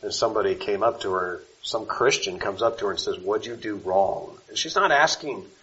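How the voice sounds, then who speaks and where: A man preaching a sermon, swinging from loud emphatic lines to soft, slow ones. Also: fairly low pitch, expressive, dull audio.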